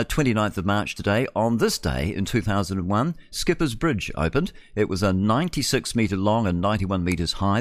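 A middle-aged New Zealand man hosts a radio show in a loose, rambling manner with plenty of filler sounds. His voice sits fairly low. The room sound is dry and close. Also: no room sound. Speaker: radio host. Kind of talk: casual talk radio.

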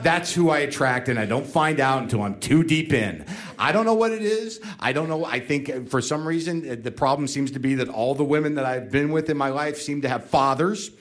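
A man performing a stand-up comedy routine, ranting and self-mocking, swinging between muttering and shouting. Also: fairly high pitch, expressive, a little fast.

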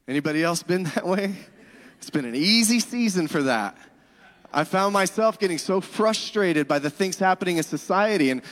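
A man's voice: high-pitched, fairly bright tone, in a large hall. A middle-aged male pastor preaching a sermon in a conversational way, with asides to the congregation.

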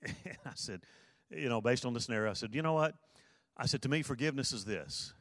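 An earnest male pastor delivering a sermon, repeating his key phrases to drive them home. His voice sits at an ordinary middle pitch and is recorded close and dry, with no room sound. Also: animated, brisk, fairly bright tone, no room sound.

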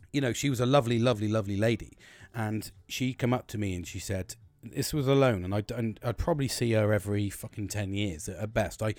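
A man's voice: on the low side, darkish tone, no room sound. A man in his thirties hosting a late-night podcast, talking candidly and rambling with frequent swearing and restarts. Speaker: podcast host.

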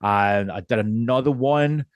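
A man's voice: mid-range voice, a little slow, no echo. Rambling Scottish man, dry close sound. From Scotland. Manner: rambling, swears freely, laughs often. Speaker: podcast guest. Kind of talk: casual podcast chat.

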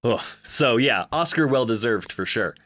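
A man's voice: mid-range voice, expressive, moderate pace, fairly bright tone, no room sound. A man co-hosting a casual film discussion, thoughtful and working through ideas step by step. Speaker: film podcast co-host.

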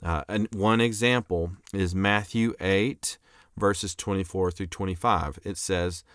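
A man's voice: sits low, unhurried, a bit bright, no echo, clean studio sound. A young man giving a conversational lecture, reading scripture aloud, with frequent fillers and restarts. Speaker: apologetics lecturer. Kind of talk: casual recorded lecture.

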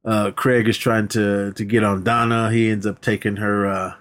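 As co-host of a movie podcast, this man recaps scenes in easygoing talk, laughing a lot and acting out character dialogue loudly. His fairly low voice has a flat delivery and fairly bright tone, at normal speed.

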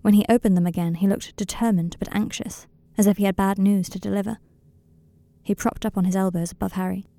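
A woman reads a story aloud in a slow, intimate, quiet way. Her voice is dark and gravelly with dry, close sound. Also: medium pitch, steady tone, no room sound. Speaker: narrator. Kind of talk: audiobook reading of fan fiction.

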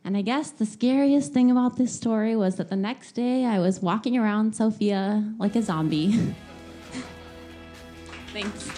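A young woman telling a travel story in a casual, animated way, laughing often and saying "like" a lot. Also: medium pitch, unhurried, faint music behind. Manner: animated, laughing often, many filler likes.

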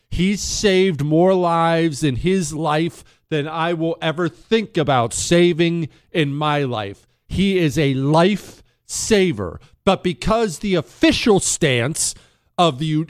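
A man's voice: a little high, no room sound, studio quality. Dramatic male talk radio host. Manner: dramatic storytelling, shifting between hushed and emphatic. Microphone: studio microphone.

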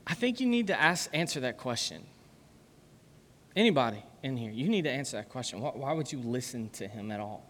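A man's voice: mid-range voice, very animated, brisk, a bit bright, big-room sound, slight background noise. A man preaching a conversational sermon as a pastor, asking the crowd questions and laughing often. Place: church hall.

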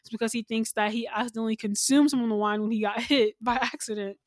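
Woman, slightly high voice, laid-back podcast co-host recapping plot, dry recording. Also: steady tone, fast, dry recording. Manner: long-winded plot summarizing, laid-back. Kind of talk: casual anime recap chat.

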